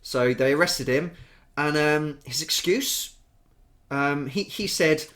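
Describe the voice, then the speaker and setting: Sweary British man telling animated stories. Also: on the high side, takes it slowly. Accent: British English. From England. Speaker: podcast co-host. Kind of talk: casual storytelling chat.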